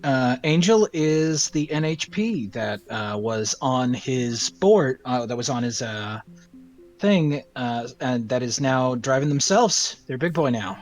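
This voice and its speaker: A man's voice: mid-range voice, lively intonation, measured pace, darkish tone, faint music behind. A man playing in an online tabletop game, introducing his character in a casual, hesitant way full of fillers. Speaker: player.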